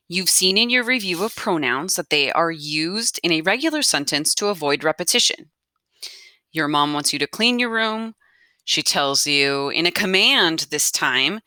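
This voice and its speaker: A woman's voice: lowish voice, sharp tone, no room sound, studio quality. A woman teaching a recorded grammar lesson, patient, restating each rule and checking in with "okay?". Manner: patient, repeats key points, checks in with "okay?". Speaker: Spanish teacher.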